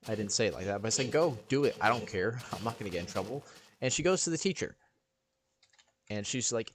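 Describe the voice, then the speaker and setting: A man's voice: medium pitch, animated, brisk. A man casually telling stories over gameplay commentary, rambling and playful, in a recording with background hiss. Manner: rambling, lots of fillers and restarts, playful. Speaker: channel host.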